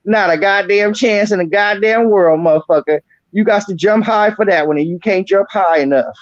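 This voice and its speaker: A man's voice: sits high, moderate pace, dry recording, highs cut off. A man hosting an online roast, ranting and mocking a rival with heavy cursing. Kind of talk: profane roast rant.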